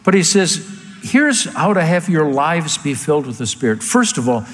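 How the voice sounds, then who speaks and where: A man's voice: on the high side, big pitch swings, normal speed, a bit bright, big-room sound. A man preaching a sermon as pastor, emphatic and firing off rhetorical questions, getting worked up at times.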